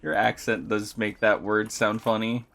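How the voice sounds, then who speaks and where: A woman's voice: very deep voice, flat delivery, unhurried, fairly bright tone. A woman streamer chatting casually while gaming, fumbling for words and giggling often.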